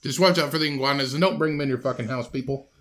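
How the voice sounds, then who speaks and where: A man's voice: medium pitch, very fast, a bit bright. A young man co-hosting a podcast, telling rambling profane stories and signing off the episode. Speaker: podcast co-host. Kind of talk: casual podcast banter.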